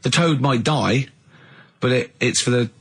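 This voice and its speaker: A radio host in casual banter, incredulous and interrupting, often breaking into laughter. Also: male voice, mid-range voice, a little slow, husky.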